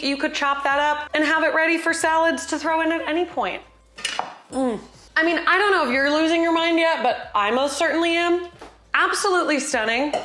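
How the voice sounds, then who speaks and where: A woman with a high, bright-toned voice hosts a casual home cooking tutorial. She chats in a bubbly, playful way. The sound carries the echo of a reflective kitchen. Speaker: cooking video host.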